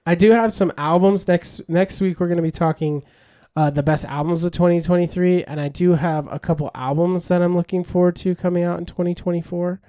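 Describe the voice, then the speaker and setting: A man's voice: high voice, fairly even intonation, fairly quick, warm tone, dry recording, clean studio sound. A young man co-hosting a podcast, chatting casually and enthusiastically, rambling with fillers and restarts. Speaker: podcast co-host. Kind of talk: casual chat.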